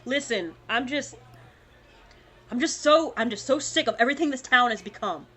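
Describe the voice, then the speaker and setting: A woman's voice: fairly high pitch, animated, normal speed, fairly bright tone. A woman voicing a burly, angry male teacher who grumbles and complains in a tabletop game. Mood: fed-up.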